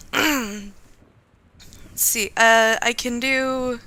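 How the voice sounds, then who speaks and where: A woman chats casually while she streams a game. Her voice is a little high and bright, with a gravelly fry. She talks playfully to herself as she plays. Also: drawn-out words. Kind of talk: casual gaming commentary.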